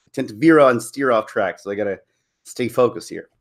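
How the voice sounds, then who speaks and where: A man's voice: medium pitch, expressive, a little fast. A man hosting a casual live stream, rambling and joking with frequent laughs. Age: middle-aged. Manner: rambling, jokey, laughs often. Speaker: channel host.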